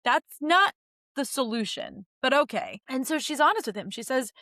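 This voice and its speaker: With a high voice and moderate pace, a young woman podcast host chats animatedly in casual recap commentary about a TV series, recorded in clean studio sound with no room sound. She swears casually and performs the characters' lines in a raised voice.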